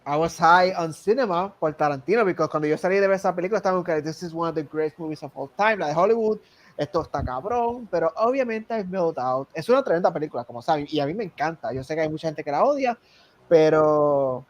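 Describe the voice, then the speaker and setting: A man's voice: fairly high pitch, expressive. A Puerto Rican man co-hosting a podcast, talking casually about films and switching between Spanish and English as he jokes. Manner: switches between Spanish and English mid-sentence, quick and joking. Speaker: podcast co-host. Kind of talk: casual film chat.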